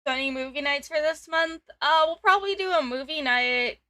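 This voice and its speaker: Bright, giggly woman streamer in her twenties. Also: sits high, no echo. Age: 20s. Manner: giggly, talks over guest. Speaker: streamer host. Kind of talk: casual stream chat, reading chat aloud.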